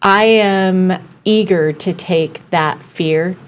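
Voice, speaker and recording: A woman's voice: on the low side, very slow. A woman hosting a podcast who asks questions in a loose, conversational way with frequent restarts. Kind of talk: casual podcast interview.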